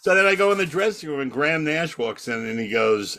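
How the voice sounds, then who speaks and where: An older man, a comedy magician, telling a lively backstage anecdote in casual conversation and acting out the lines of the people in it. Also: fairly high pitch, brisk, few pauses. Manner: animated anecdote telling with acted quotes. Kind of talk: casual storytelling.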